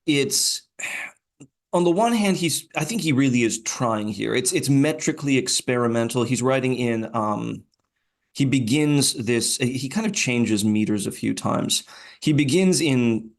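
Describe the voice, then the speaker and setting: A man's voice: mid-range voice, expressive, unhurried, vocal fry. A male podcast host giving informal poetry commentary, talking conversationally with frequent fillers and restarts.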